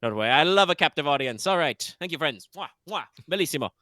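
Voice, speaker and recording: A man's voice: fairly high pitch, animated, fast, pushed and bright, no echo, studio quality, pitched above the performer's own voice. A man voicing a showy, theatrical duke in a hammy mock-Italian manner, blowing kisses to a crowd. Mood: grandiose. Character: flamboyant adult male duke, showy, theatrical.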